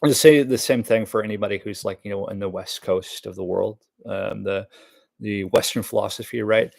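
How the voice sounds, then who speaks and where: A man's voice: fairly low pitch, steady tone, normal speed, gravelly, a little mellow. A man rambling casually through news topics, full of fillers and cursing. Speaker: vlogger reading the news.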